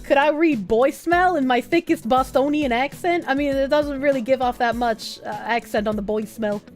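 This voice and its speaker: A woman's voice: high voice, brisk, faint music behind. A woman streamer chatting casually and reading chat messages, with crude, laughing, incredulous reactions.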